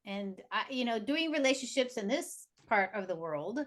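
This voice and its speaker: A woman guest chatting in an interview with a somewhat high voice. She tells her stories with energy and slips into the voices of the people in them. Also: normal speed. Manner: animated, acts out dialogue in her stories. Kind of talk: casual conversational storytelling.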